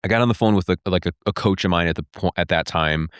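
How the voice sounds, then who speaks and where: In an interview, a man in his thirties tells a personal story, acting out the dialogue and peppering his speech with "like." His voice sits low and smooth, and he talks quickly. The recording is dry and studio-clean.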